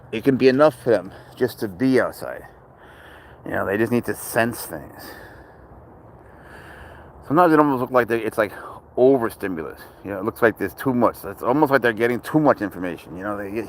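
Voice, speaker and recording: A man's voice: mid-range voice, lively intonation, moderate pace, a little hiss or hum. A man chatting casually in a park about his cat, rambling and easygoing, and tired from little sleep. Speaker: cat owner vlogger. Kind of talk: casual chat outdoors. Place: outdoor park with traffic nearby.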